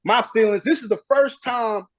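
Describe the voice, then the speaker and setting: A man's voice: very high voice, normal speed, fairly bright tone, no echo. A middle-aged man, a former pro basketball player, telling stories in a casual interview with emphasis and acting out past conversations.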